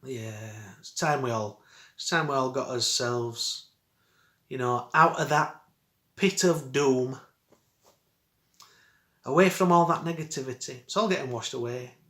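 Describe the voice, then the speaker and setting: A middle-aged man rambles through a story in his own dialect, chuckling as he goes. His voice sits at an ordinary middle pitch. The recording has a roomy echo around him. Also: a little slow, pauses often, a bit bright. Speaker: vlogger. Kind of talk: casual storytelling.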